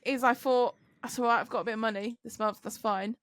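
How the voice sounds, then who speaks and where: A young woman, co-hosting a podcast, telling a work story in casual, sweary chat and mimicking other people in higher voices. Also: fairly even intonation, brisk, fairly bright tone, no echo, clean studio sound. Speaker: podcast co-host, truck driver.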